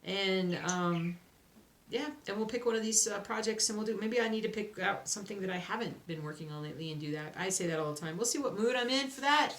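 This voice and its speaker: A young woman's mid-range, slightly bright voice moves fairly quickly as she rambles casually to camera about her week, reassuring herself. She's a cross stitch vlogger at home, sleepy and yawning, in an echoey room with faint background noise.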